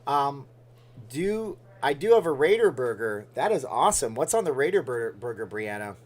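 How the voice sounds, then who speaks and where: A man's voice: mid-range voice, big pitch swings, moderate pace. Joking man chatting on a livestream. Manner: rambling, jokey, responds to chat. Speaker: livestream host. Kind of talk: casual livestream chat reading viewer comments. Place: Las Vegas.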